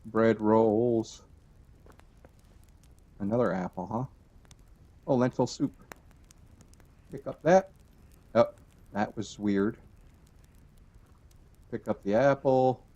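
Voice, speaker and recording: A man's voice: slow, long pauses, lo-fi sound. Rambling male let's-play commentator. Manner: rambling, chatty, trails off and restarts; excited bursts of high pitch at discoveries. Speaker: gaming channel host.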